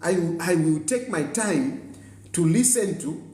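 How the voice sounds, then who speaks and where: A Zambian man delivers a heated political monologue, scolding and repeating himself for weight. His voice sits high and moves a lot. The room is echoey. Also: lively intonation, a little slow, darkish tone. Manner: combative, scolding, repeats phrases for emphasis. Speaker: political commentator host. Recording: roomy echo.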